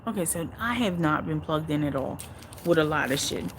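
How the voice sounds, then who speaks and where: A woman's voice: low voice, lively intonation, normal speed, a little hiss or hum, poor audio. A woman hosting a casual live stream, chatting bluntly and profanely with her viewers and laughing often. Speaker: livestream host reading viewer comments.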